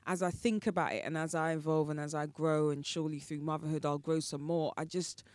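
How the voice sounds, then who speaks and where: A woman's voice: low voice, steady tone, brisk, no room sound. A woman co-hosting a casual podcast chat, thoughtful, often restarting her sentences and backing the other speaker up. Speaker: podcast co-host.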